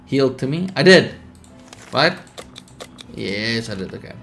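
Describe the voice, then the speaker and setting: A young man casually commenting on a survival game, reading its text aloud, laid-back and sleepy with sudden bursts of excitement. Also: mid-range voice, takes it slowly, creaky, faint music behind. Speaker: streamer.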